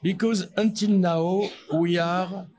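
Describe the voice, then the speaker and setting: A man's voice: high-pitched, fairly even intonation, slow, darkish tone. A man giving a playful, musing interview answer.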